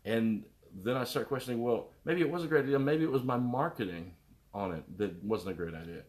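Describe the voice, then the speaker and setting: A middle-aged musician with a medium-pitched voice talks fairly quickly to his live-stream audience. His casual, animated rambling includes greeting viewers by name and leaping between topics.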